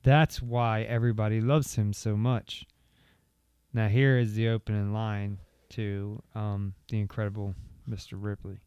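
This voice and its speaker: Podcast co-host, man, smooth resonant voice, dry close mic, wry and teasing. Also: fairly low pitch, level tone, a little mellow, dry recording, muffled recording. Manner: wry, profane, quick teasing comebacks. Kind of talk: casual podcast banter.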